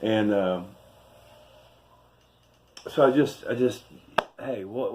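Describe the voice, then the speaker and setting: A man's voice: fairly low pitch, slow, background noise. A middle-aged man with a North Carolina Southern accent, a street preacher giving a rambling, folksy, emphatic spoken testimony.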